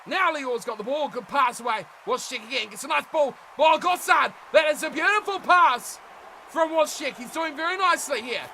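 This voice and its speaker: A young man giving animated play-by-play commentary on a rugby management game, shouting at big plays and chatting to viewers. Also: very high-pitched, moderate pace, a little hiss or hum, poor audio. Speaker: gaming commentator.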